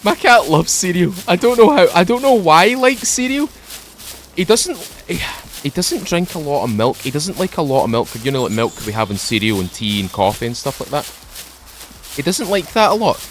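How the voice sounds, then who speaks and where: A man's voice: fairly high pitch, sing-song, moderate pace, a little hiss or hum. Laid-back chatty man. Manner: rambling, chatty, drifts off topic; mellow, laid-back morning mood. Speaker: gaming channel host. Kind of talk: casual let's-play commentary. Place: home. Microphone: desk microphone.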